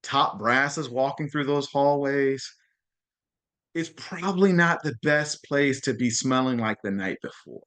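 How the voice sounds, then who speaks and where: A man with a bright, forward voice hosts a group video call and talks in a loose, chatty way. He keeps checking in with "okay?" and "right?" and restarts his phrases as he goes. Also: medium pitch, a little slow. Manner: frequent restarts and repeated words. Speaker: host of a mastermind call.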